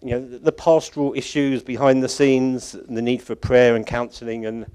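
A man's voice: medium pitch, flat delivery, moderate pace, darkish tone, smooth. A man giving an informal, rambling closing address at a church conference. He chuckles often and keeps correcting himself. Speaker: conference organiser addressing congregation.

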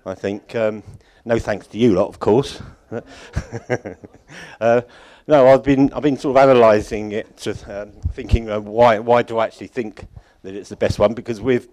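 A man with a slightly low voice speaks to a church conference crowd in a loose, off-the-cuff way. He circles back on his sentences, stumbles and chuckles to himself. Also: steady tone, normal speed, a little mellow. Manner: rambling, self-correcting, chuckling often. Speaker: conference organiser addressing congregation. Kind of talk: informal closing address at a church conference.

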